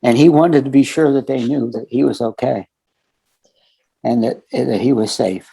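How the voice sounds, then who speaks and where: A man's voice: mid-range voice, normal speed, gravelly, warm tone, husky. A man in his sixties from the United States, a podcast guest telling a long story full of quoted conversations. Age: 60s. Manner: retells conversations with many quoted lines. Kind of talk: storytelling interview.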